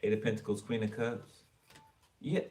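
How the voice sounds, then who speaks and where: A man with a fairly low voice gives a casual tarot reading, naming cards and commenting in a chatty, blunt way with the occasional curse. He sounds set back from a distant mic, with a faint hiss in the background. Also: completely flat delivery, moderate pace, warm tone. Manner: chatty, blunt, swears and laughs freely. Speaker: tarot reader.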